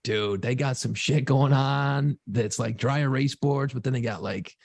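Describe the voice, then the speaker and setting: Gravelly man, loose profane podcast chat. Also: medium pitch, measured pace, no room sound, clean studio sound. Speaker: podcast co-host.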